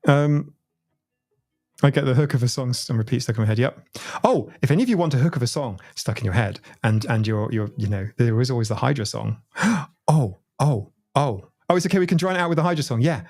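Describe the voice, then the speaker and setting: A man's voice: mid-range voice, animated, a little fast, a little mellow, dry recording, soft background music. Giggly British man streaming live. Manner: giggly, chatty, laughs often, rambling. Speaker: livestreamer. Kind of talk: casual livestream chat. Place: at home, watching his stream on a TV.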